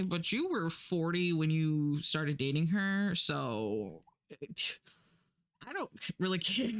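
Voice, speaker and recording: A young woman streamer casually recapping a book, acting out characters' lines in high voices, swearing and laughing as she goes. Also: clear, resonant tone. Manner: animated, acts out quotes in high voices, swears, laughs often.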